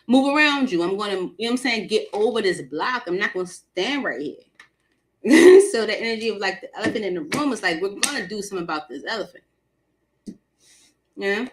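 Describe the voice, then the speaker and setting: A woman hosting a live tarot stream, chatting casually with viewers, animated and laughing often, with features. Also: mid-range voice. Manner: animated, laughs often, talks to the chat directly.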